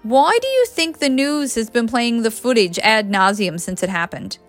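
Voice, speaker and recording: A woman's voice: on the high side, animated, normal speed, faint music behind, close to an everyday voice. A woman reading a pushy, teasing ex-fiancée. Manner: teasing, pressing.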